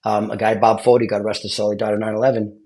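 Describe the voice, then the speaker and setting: A man, a retired fire lieutenant telling stories in casual chat, animated and swearing freely. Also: fairly low pitch, fast, creaky. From Brooklyn, New York. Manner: animated, swearing, acts out quotes.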